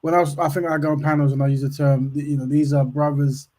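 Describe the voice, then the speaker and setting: A man's voice: on the high side, flat delivery, quick pace, dark tone. A man hosting a casual discussion who repeats words as he starts a point and often agrees with "of course".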